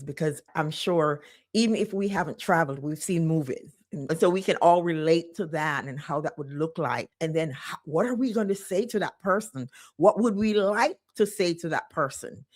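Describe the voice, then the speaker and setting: A woman's voice: deep voice, a little mellow. A woman hosting a podcast, affirming her guest and asking long framed questions. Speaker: podcast host. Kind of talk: podcast interview.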